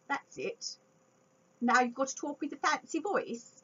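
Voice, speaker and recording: A woman reads a picture book to small children in a slow, lively voice that leaps up and down. Her tone is soft and breathy and sits a little high. The recording is dull and lo-fi. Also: a little hiss or hum. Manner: animated and expressive, talking to young listeners. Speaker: children's storytime reader.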